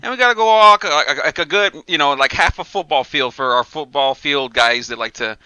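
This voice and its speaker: A man's voice: fairly high pitch, brisk, clean tone, dry recording, low-quality recording. A man co-hosting a podcast, telling a long, profane story in casual chat and acting out the lines of the people in it. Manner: animated, profane, acts out quoted dialogue. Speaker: podcast co-host.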